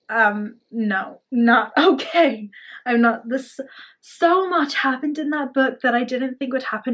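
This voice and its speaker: Gushing, high-voiced woman book vlogger. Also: fairly bright tone. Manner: gushing and rambling, full of "like". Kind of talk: casual chat to camera.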